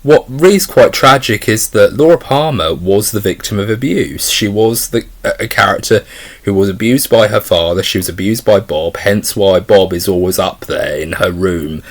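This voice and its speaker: A man's voice: lowish voice, moderate pace. A young man giving a casual spoken film review, rambling with many fillers and restarts.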